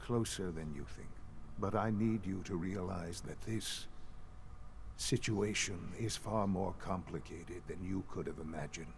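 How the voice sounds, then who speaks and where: An actor playing a calm, composed older man who leads a secret science group, speaking in measured, lecturing tones in video game dialogue. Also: sits low, slight background noise. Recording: game audio with faint music underneath.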